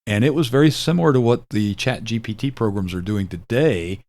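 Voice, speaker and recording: Low-voiced older man explaining casually. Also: brisk, no room sound. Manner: relaxed, rambling, with fillers and self-corrections. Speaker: video host demonstrating retro software.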